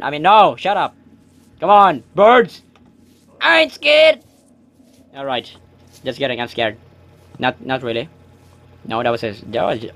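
A young man commentating a horror game as he plays, yelping, shouting and joking, then dropping into low mutters. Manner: excitable, yelps and shouts, joking asides; drops to a low, muttering aside between outbursts. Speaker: gaming YouTuber. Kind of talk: let's play commentary.

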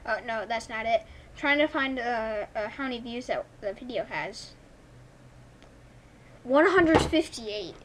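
A young woman from Canada giving chatty, excitable commentary while playing a game at home, thinking aloud. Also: a little high, moderate pace, slight background noise. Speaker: gaming YouTuber. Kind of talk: casual gameplay commentary. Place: home room. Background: family's movie faint in background.

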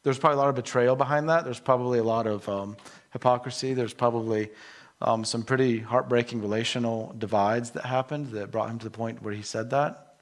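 A middle-aged man preaching a sermon in an earnest, emotional way, moving between soft and emphatic delivery. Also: mid-range voice, steady tone, brisk. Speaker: pastor.

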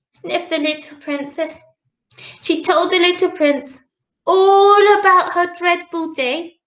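A woman reads a picture book aloud to children, animated and coaxing. Her voice is very high and bright, and she takes her time. The room around her is echoey. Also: slow. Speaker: storybook reader.

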